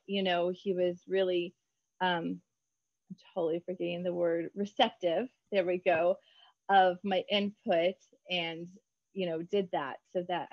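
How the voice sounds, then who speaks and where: A woman author chatting in an interview, bubbly and quick, acting out her own remarks in lively voices. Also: on the low side, no room sound, highs cut off. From United States. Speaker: author guest. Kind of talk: casual interview chat.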